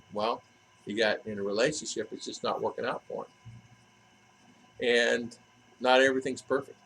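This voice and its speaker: A man's voice: mid-range voice, fairly even intonation, unhurried, vocal fry, pauses often, fairly bright tone, slight background noise, rough recording. A man vlogging in a casual, rambling monologue, often restarting his sentences and adding asides. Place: living in the Philippines.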